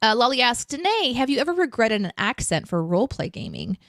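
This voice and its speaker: A woman's voice: fairly high pitch, big pitch swings, a little fast, dry recording, clean studio sound. A woman co-hosting a casual live chat show, chatty and self-deprecating, laughing often. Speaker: co-host.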